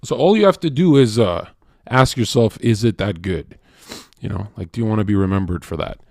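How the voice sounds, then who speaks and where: A man's voice: brisk, no echo. Profane, rambling male streamer, dry mic. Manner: loose, profane, rambling with many restarts and rhetorical "right?"; swings from loud and worked up to low and muttered. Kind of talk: casual livestream rant.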